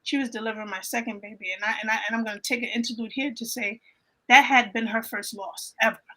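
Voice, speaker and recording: A woman telling an emotional personal faith story in a casual panel chat, animated and often repeating her phrases. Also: fairly high pitch, fast, rough recording. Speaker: guest on a livestream panel.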